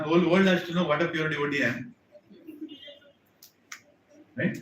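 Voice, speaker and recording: In an echoey temple hall, picked up by a distant mic with slight background noise, a preacher earnestly speaks straight to his audience and keeps repeating himself. His voice is high-pitched and a bit bright.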